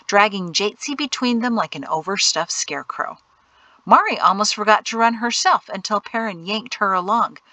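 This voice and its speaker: A woman narrating an audiobook in a measured storytelling manner, dropping into hushed whispers at tense moments. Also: medium pitch, no echo. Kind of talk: scripted narration.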